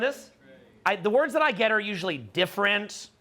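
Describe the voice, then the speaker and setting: High, bright-voiced man talking to an audience. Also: expressive, a little fast. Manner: emphatic, repeats phrases, many fillers. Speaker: dating coach speaking to a live audience. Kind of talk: animated seminar talk.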